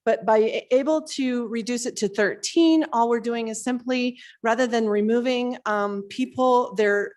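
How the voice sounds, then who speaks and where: A woman legislator out of breath, explaining a bill on the floor with hesitant fillers. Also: fairly high pitch. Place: legislative chamber.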